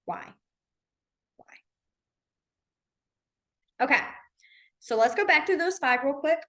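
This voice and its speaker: A woman's voice: fairly high pitch, lively intonation, slow, long pauses, fairly bright tone. A woman teaching a beginner sign language class in a library, chatty and informal, with lots of fillers and self-corrections. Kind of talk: casual class instruction.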